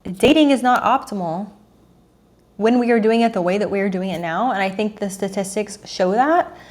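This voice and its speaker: A woman's voice: medium pitch, moderate pace, a little mellow. A woman in her thirties, a dating coach, talking earnestly and emotionally to camera, repeating herself and sighing.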